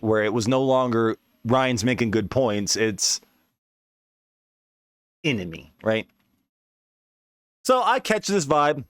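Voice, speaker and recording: A man with a middle-pitched voice tells a long story in loose, rambling podcast talk. He swears freely and drops slang and filler tags as he goes. The recording is dry, with little room sound. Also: a bit bright, no echo. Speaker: podcast host. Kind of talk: casual storytelling.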